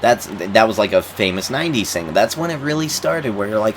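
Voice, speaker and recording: Speaking briskly with few pauses, this man in his twenties uses a fairly low, expressive voice to ramble over basketball gameplay, chuckling and repeating words. Background noise is present in the clip.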